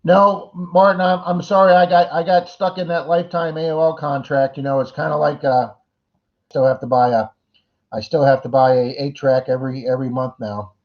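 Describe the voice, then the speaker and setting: A man's voice: fairly high pitch, steady tone, normal speed. A middle-aged man hosting a casual livestream chat, greeting viewers by name and rambling through jokey asides. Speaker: livestream host. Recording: dull lo-fi stream audio.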